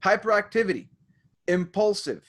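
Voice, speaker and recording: A man's voice: high-pitched, lively intonation, moderate pace, fairly bright tone. A man hosting a casual podcast discussion, reading a checklist aloud and breaking off into asides and stories. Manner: imitates speech patterns while explaining. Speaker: podcast host.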